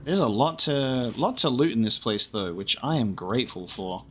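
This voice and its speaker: A man's voice: medium pitch, lively intonation, normal speed, a bit bright, a little hiss or hum. Chatty man narrating his gameplay. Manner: chatty, jokey, talks to himself while playing. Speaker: gaming streamer. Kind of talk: casual gameplay commentary.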